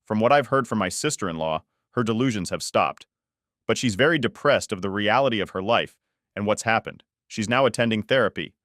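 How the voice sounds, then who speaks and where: A man reading an online post aloud as a story narrator, in a steady, even reading voice. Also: lowish voice, dry recording, studio quality.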